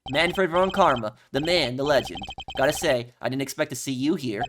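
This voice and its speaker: A man voicing a smooth, cocky male defense lawyer in a put-on accent, slick and drawn-out, over game music. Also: mid-range voice, noisy background, close to an everyday voice. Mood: smug. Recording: game music playing underneath.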